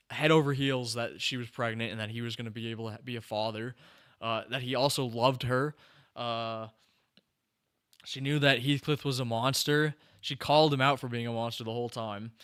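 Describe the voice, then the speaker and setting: A man hosting a podcast, chatting casually in a rambling, animated way with many fillers and restarts. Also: medium pitch, smooth. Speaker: podcast host.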